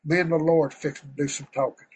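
A man preaching a fervent, folksy sermon to an online group over a video call, breaking into shouts of praise. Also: on the high side, level tone, fairly quick, breathy edge, rough recording.

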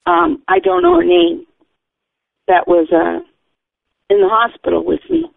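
A woman's voice: on the high side, sing-song, measured pace, vocal fry, no echo. A woman telling a personal faith testimony in an earnest, rambling way, often correcting herself. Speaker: storyteller. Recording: tinny phone-like radio sound.

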